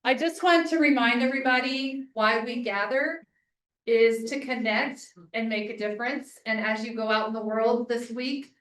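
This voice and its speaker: A woman's voice: on the high side, fairly even intonation, moderate pace, a bit bright, reverberant, recorded from a distance, poor audio. A woman hosting a club meeting, giving brief, upbeat closing remarks.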